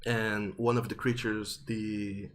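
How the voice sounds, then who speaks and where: Slow-paced male game master. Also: fairly low pitch, flat delivery, a little hiss or hum. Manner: unhurried, descriptive with frequent fillers. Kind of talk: narrating a tabletop game.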